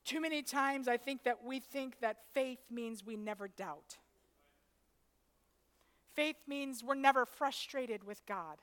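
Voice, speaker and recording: A woman preaching a sermon, rising from soft, intimate passages to loud, shouting peaks. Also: fairly high pitch, takes it slowly. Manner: preaches in rising waves, building to shouts then dropping soft.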